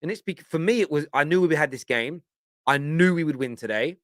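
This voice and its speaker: A man's voice: on the high side, fairly quick, a bit bright, no room sound. Man, passionate football reaction, emphatic, dead-dry recording. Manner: passionate, emphatic, repeats himself. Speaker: fan channel pundit. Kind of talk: live fan reaction stream.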